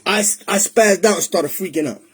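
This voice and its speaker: A man recounts his own testimony in a high, husky voice. He talks in a streetwise, emotional way and slips Spanish phrases into his English. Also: normal speed. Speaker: testimony speaker. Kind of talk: personal testimony storytelling.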